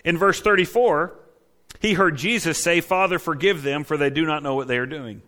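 Emphatic male preacher, loud to hushed. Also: a little high, normal speed. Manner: conversational, checks in with "right?". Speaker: pastor. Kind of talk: sermon.

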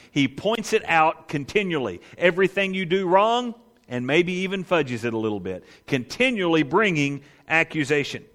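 A male pastor preaching a sermon in an animated, conversational way with rhetorical asides. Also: sits high.

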